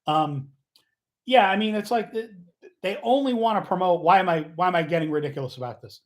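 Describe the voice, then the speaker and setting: A man hosting a casual livestream, rambling and joking, often losing his train of thought and getting loud and fired up. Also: high-pitched, brisk. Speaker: livestream host.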